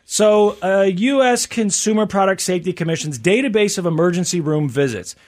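Male podcast host with a high voice, chatty, reads out items and riffs on them. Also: fairly quick. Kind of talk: casual chat.

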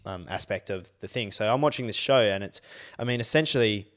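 Young Australian male co-host with a low voice; casual, excitable, sweary. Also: brisk. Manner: animated, swears a lot, gets loud when worked up. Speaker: podcast co-host. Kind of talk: casual chat.

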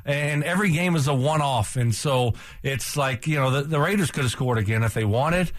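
A man's voice: mid-range voice, brisk, no echo, studio quality. A man co-hosting a sports radio show, ranting in a heated way and repeating himself as he talks over a loss. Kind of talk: casual sports talk.

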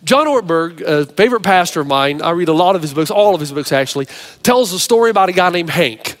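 High-voiced man preaching a sermon. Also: fast talker. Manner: storytelling preacher, animated delivery with varied pace. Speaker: pastor.

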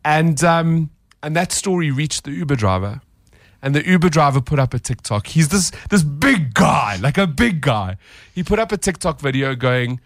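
A man's voice: a little high, lively intonation, moderate pace, no echo, studio quality. A man from South Africa telling a good-news story on a radio show, earnest and emotional. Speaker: good-news feature reporter. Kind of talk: radio feature report. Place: radio studio. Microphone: studio microphone.

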